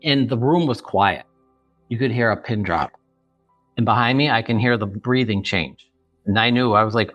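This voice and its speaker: A man's voice: mid-range voice, moderate pace, fairly bright tone, no room sound, soft background music. 50s guy from chicago area, author guest on a pod, retelling a heavy memory, does the voices of what ppl said. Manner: vivid retelling that acts out remembered dialogue. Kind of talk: emotional personal storytelling.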